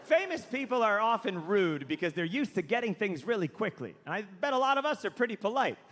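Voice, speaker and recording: A man's voice: sits high, brisk. A man in his thirties doing stand-up comedy, telling stories and acting out characters. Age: 30s. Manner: animated storytelling, acts out characters. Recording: echoey hall with faint noise.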